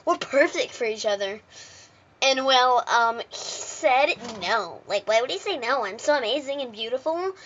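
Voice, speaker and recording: A woman's voice: high-pitched, animated, moderate pace, fairly bright tone, lo-fi sound. A woman putting on a vain boastful girl. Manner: self-admiring, whiny. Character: vain boastful young woman rejected by a crush.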